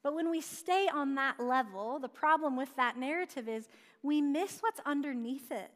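A woman's voice: sits high, fairly bright tone. A woman preaching a sermon in a conversational way, asking rhetorical questions and dropping light asides. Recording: long hall reverb.

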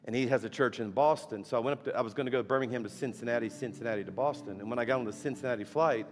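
A man's voice: medium pitch, very fast, a little hiss or hum. A man preaching a storytelling sermon as a guest preacher in a church. He speaks animatedly, fires off rhetorical questions and laughs at his own stories. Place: church sanctuary. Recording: echoey hall with faint music.

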